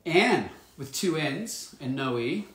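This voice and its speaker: A man's voice: on the high side, lively intonation, slow pace, a bit bright. A man signing autographs on a livestream, chatting casually and playfully while reading fan messages aloud. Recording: roomy echo with faint music.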